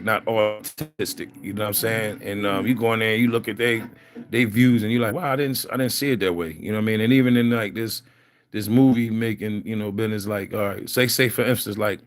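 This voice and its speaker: An older man hosting a casual livestream chat, talking to viewers in a laid-back, rambling way with lots of fillers. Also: fairly low pitch. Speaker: livestream host.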